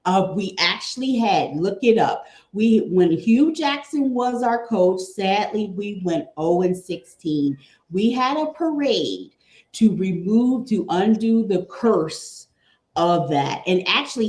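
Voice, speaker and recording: Slow-talking woman from Cleveland, echoey room. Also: mid-range voice. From Cleveland, Ohio. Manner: chatty, repeats phrases, fan enthusiasm. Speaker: guest. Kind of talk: casual sports chat.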